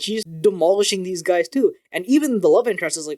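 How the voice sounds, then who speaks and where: Casual male vlogger: rapid-fire, excitable, a touch higher than most men, curses casually. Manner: animated and excitable, swears casually. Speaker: video creator reviewing manga. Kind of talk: casual vlog review.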